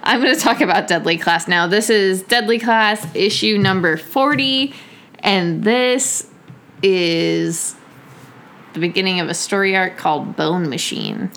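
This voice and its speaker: A woman's voice: medium pitch, unhurried, a bit bright. A young woman co-hosting a comics podcast, chatting casually and enthusiastically, swearing freely. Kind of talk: casual chat.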